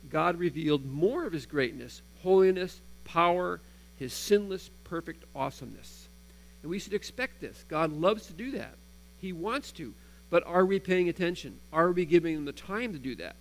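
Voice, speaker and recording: Male pastor, mid-high voice, earnest sermon delivery, faint electrical hum in the recording. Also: poor audio. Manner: earnest, reads scripture aloud with emphasis. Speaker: preacher. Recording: mains hum underneath.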